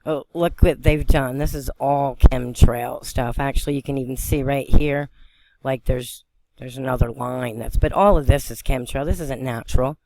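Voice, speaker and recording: A woman from western Pennsylvania vlogging on a phone, excitable and rambling as she talks, often breaking into laughter. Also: extremely low pitch, normal speed, a little hiss or hum. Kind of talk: excited spiritual vlog narration.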